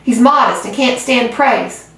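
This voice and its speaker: A woman voicing a calm farmer's wife. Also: fairly high pitch, unhurried. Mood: reassuring. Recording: roomy, far from mic.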